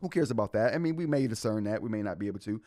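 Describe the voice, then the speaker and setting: A man's voice: fairly low pitch, animated, rapid-fire, dark tone, dry recording, studio quality. A man hosting a live tech show in a casual way, reading update notes aloud and reacting to the chat.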